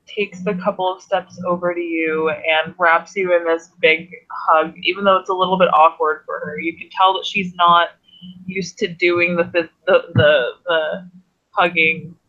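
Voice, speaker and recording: A man narrating his character's actions in a tabletop role-play, halting and with many fillers. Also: high voice, little pitch movement, sharp tone, highs cut off. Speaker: player.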